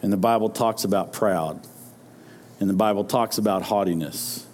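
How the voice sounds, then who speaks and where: A man's voice: fairly low pitch, moderate pace, a little mellow, a little hiss or hum. A man preaching a sermon to his congregation, talking in a loose, conversational way and often stumbling over repeated words as he restarts his sentences. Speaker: pastor.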